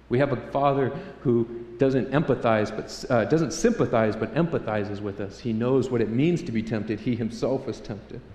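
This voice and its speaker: A man's voice: mid-range voice, warm tone. A male pastor in his thirties delivers a sermon in a casual, storytelling way. He animates his anecdotes with acted-out voices. The sound carries a long, roomy reverb, as if captured in a large church. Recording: echoey hall reverb.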